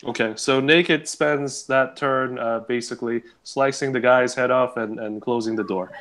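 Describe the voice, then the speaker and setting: A man running a tabletop role-playing game, narrating what the players see and hear. He talks in a mid-pitched voice, stopping often to search for words. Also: steady tone, moderate pace, a bit bright. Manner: hesitant, many uh fillers. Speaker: game master.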